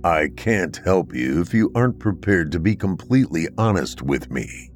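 A man voicing a weary male psychiatrist who talks in a low, sighing, measured way. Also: animated, faint music behind.

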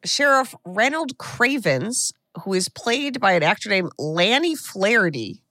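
A woman co-hosting a podcast, casually recapping a movie with animated retellings and lots of "like.". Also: medium pitch, measured pace, dry recording, clean studio sound. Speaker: podcast co-host.

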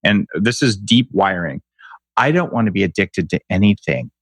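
A man's voice: sits low, animated, normal speed, a bit bright, husky, dry recording. A man talking emphatically in an interview, ranting with rhetorical questions. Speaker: guest expert on health. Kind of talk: animated interview talk.

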